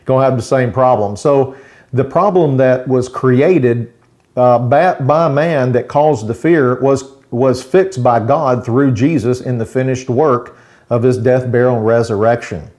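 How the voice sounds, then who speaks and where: A man, a pastor, giving a short daily devotional teaching in a plain, conversational way with folksy asides, slowing down to stress key points. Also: mid-range voice, a little mellow.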